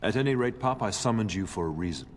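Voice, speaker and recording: A man's voice: lowish voice, lively intonation, quick pace, a little hiss or hum, close to an everyday voice. An actor playing a jovial noble lord and father in a fantasy game, hearty and teasing. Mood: genial. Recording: game audio with reverb.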